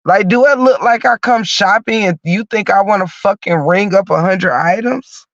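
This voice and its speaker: Stuffed up from a cold, a man hosting a podcast rants bluntly and curses through a heated story, a profane comic bit. His high voice is fairly bright and at normal speed. The recording is dry, dull, and lo-fi.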